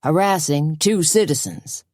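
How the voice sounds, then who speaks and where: A woman reading an audiobook, voicing a gruff middle-aged male sheriff who gives stern, commanding warnings. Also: low-pitched, animated, a little slow, darkish tone, no echo, studio quality.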